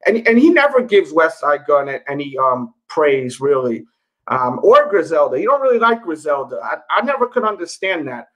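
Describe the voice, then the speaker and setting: A man's voice: a little high, very animated, normal speed, a bit bright, rough recording. A man talking to camera in a casual, rambling solo commentary, candid and full of fillers. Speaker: sneaker YouTuber.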